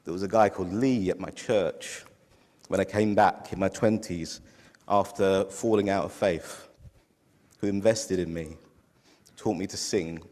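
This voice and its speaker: Middle-aged guy preaching, heartfelt, low voice, big echoey hall. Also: measured pace, a little mellow. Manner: heartfelt, tearful at times. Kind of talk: sermon. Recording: long hall reverb.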